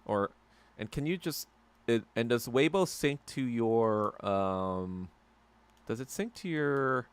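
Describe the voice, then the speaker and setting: A man's voice: mid-range voice, lively intonation, slow pace, clean tone. A man hosting a casual solo podcast chat, ranting with constant swearing and trailing off into fillers and restarts. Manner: profane ranting, heavy swearing. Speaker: podcast host.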